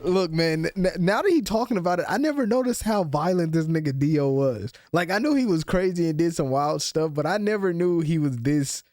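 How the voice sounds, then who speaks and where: A man's voice: on the high side, lively intonation, fairly quick, hardly any pauses, darkish tone, no room sound, clean studio sound. A man co-hosting, reacting with exclamations in casual chat. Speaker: co-host.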